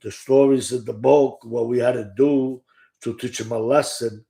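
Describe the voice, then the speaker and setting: Warm in tone and medium in pitch, the voice belongs to an older storyteller and author from Sicily who speaks at a moderate pace with fairly even intonation. He talks to the camera in a Sicilian Italian accent, telling first-person stories casually, with plenty of rambling, restarts and free swearing.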